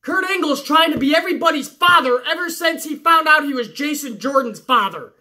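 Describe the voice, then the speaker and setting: High, bright, profane woman ranting. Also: lively intonation, fairly quick. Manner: exasperated, sarcastic, swears a lot. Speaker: wrestling show reviewer. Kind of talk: profane recap rant.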